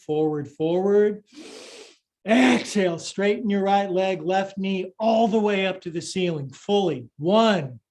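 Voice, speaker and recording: An older man with a high-pitched, darkish voice leads a live-streamed yoga class, giving upbeat, playful cues and counting through the poses. At times he is out of breath.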